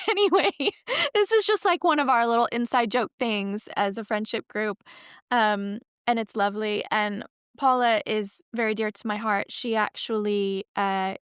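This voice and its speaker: A woman in her thirties hosts a podcast in a chatty, rambling way, often stopping to correct herself. Her mid-pitched voice is smooth and clear. The close recording is dry, with no room echo. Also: a bit bright. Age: 30s. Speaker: podcast host. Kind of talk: casual podcast intro.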